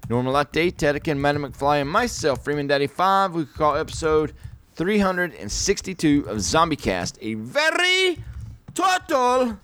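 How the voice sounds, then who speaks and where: A man's voice: a little high, no echo. Rambling podcast host man. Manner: rambling, drawn-out sign-off with playful shouts. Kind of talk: casual chat.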